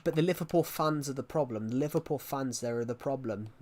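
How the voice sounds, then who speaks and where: Male live streamer, mid-pitched, loose rambling delivery. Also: brisk, darkish tone. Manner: rambling, repeats and restarts phrases. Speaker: game streamer. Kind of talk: casual live-stream chat.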